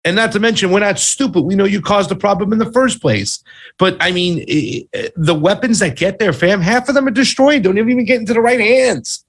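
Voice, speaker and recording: Gravelly, exasperated man co-host. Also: high-pitched, a little fast. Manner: exasperated, sarcastic, casual slang. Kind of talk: political commentary chat.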